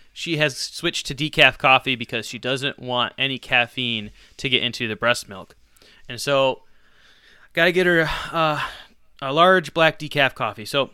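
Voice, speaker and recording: A man co-hosting a podcast spins a long, animated story, laughing at himself as he goes. His voice is bright, smooth and a touch high for a man, heard close and dry with no room around it. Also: no room sound. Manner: animated, self-deprecating storyteller with bursts of laughter. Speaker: podcast co-host. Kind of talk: casual storytelling on a sports podcast.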